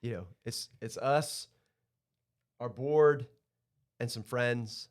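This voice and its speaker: Male podcast guest, surf school owner, reflective, soft-spoken, casual chat. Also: mid-range voice, takes it slowly. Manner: reflective, soft-spoken, restarts his sentences. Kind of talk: casual conversation.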